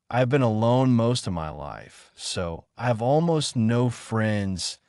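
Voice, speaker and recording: A man voicing a calm, guarded teenage boy ninja who speaks nonchalantly in a fan fiction reading. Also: on the low side, no echo, studio quality.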